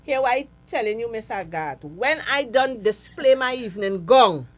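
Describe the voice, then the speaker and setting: A woman's voice: fairly high pitch, lively intonation, moderate pace. A middle-aged woman with a Trinidadian accent, a guest telling her story with laughter and emphasis. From Trinidad and Tobago. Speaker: interview guest. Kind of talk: animated storytelling.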